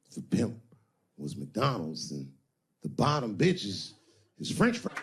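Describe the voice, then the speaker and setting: A man's voice: fairly low pitch, wildly swooping pitch, a little slow. A man performing stand-up, telling a story in a profane, theatrical way. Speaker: stand-up comedian.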